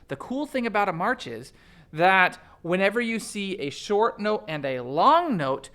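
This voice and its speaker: A man's voice: high voice, sing-song, unhurried, a bit bright. A man teaching an upbeat elementary music lesson, energetically counting off beats and chanting rhythm syllables for children to copy.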